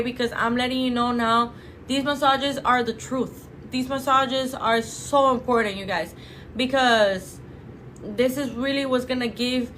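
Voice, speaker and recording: A woman's voice: fairly high pitch, pushed and bright, slight background noise. A woman from a clinic talking casually and emphatically to viewers, full of fillers and "you guys.". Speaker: clinic representative. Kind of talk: casual promotional talk to camera.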